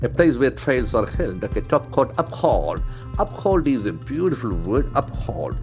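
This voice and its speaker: A male English trainer, not a native speaker, teaching pronunciation in a lesson, repeating words slowly and stressing their syllables. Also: medium pitch, very animated, a little mellow, faint music behind. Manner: stock phrases "okay, see", "very interesting".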